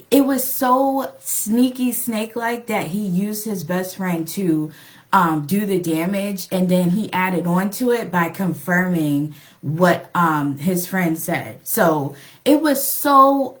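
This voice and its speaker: A young adult woman casually telling a personal relationship story, full of "like" and "um" and acted-out quotes. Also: medium pitch. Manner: chatty, lots of "like" and "um", acts out quoted lines. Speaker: relationship vlogger.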